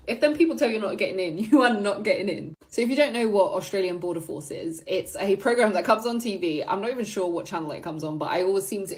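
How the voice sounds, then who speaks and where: Woman, chatty commentator who laughs through animated retellings. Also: lowish voice. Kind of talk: casual chat, storytelling.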